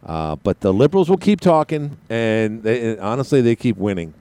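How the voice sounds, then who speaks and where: An older man hosts a talk radio show, giving a casual political monologue that rambles and rants sarcastically, full of fillers and restarts. His lowish voice is mellow, clear and resonant with lively intonation at a moderate pace. There's no room sound.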